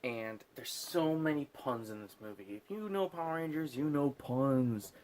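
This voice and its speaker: This tipsy guy rambles through a film plot in a loose, chatty way, swearing often and chuckling at his own asides. His pitch sits at an ordinary middle height. A faint hiss runs under the recording. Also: expressive, moderate pace, a little mellow. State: drunk. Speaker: host recapping a movie. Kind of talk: casual movie recap.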